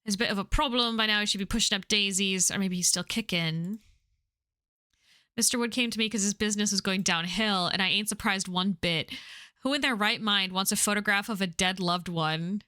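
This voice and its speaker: A woman voicing a menacing middle-aged male Irish gang boss with a put-on Irish accent, in a slow, mock-sinister drawl. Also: medium pitch, bright, forceful tone, dry recording, clean studio sound, close to an everyday voice.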